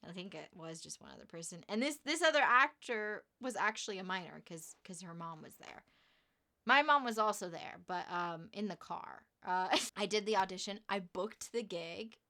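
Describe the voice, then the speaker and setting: A young woman vlogger telling a story in a casual, animated way, laughing often and acting out what other people said. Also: mid-range voice, normal speed. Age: young adult. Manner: animated, laughing, acts out quoted voices.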